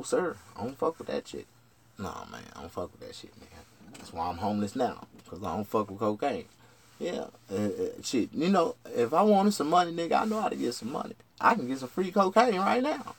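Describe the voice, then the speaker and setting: A man rambling through a profane, casual vlog monologue. He jumps from shouted outbursts to low mutters. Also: wildly swooping pitch, fairly quick, vocal fry, slightly rough. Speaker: vlogger.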